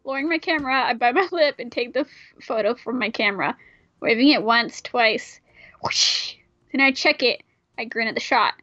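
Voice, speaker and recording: High-voiced woman reading a game aloud. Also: normal speed, no room sound. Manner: animated, joking, swears often. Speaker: gamer reading a visual novel aloud. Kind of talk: casual let's play chat and reading. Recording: dry, slightly muffled mic.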